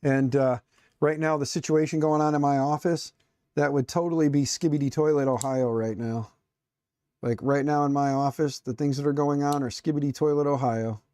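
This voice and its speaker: Middle-aged male streamer, warm low-key voice, wry self-mocking banter, dry close sound. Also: fairly even intonation, moderate pace, dry recording. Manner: joking, self-mocking, rambling; muttering to himself while tinkering. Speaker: streamer building a 3D printer. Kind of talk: casual live-stream chatter while working.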